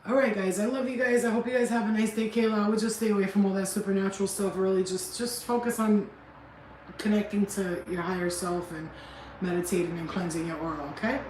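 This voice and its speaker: A woman's voice: mid-range voice, fast talker, reverberant, far from the mic, a little hiss or hum, poor audio. A woman chatting casually on a livestream, blunt and profane, laughing often and acting out quotes in other voices. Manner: animated, acts out quotes. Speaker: spiritual healing vlogger.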